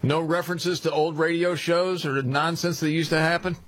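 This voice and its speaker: A man hosting a radio talk show, chatting casually and lively, slipping into mocking voices. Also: fairly high pitch, normal speed. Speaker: radio host.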